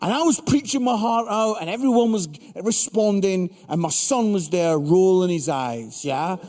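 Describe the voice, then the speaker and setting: A middle-aged man preaching a humorous sermon to a live audience, punchy and animated, acting out voices as he tells stories. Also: high voice, moderate pace. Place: large hall with live audience. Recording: reverberant hall.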